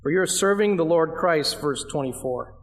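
Preaching verse by verse, this pastor speaks with a fairly high pitch, lively intonation, and normal speed. His style is conversational and emphatic: he asks the congregation questions and presses down on key phrases.

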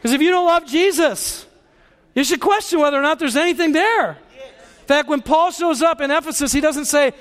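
A man's voice: very high voice, fairly quick, fairly bright tone, big-room sound. A male pastor preaching a sermon with passionate, emphatic delivery.

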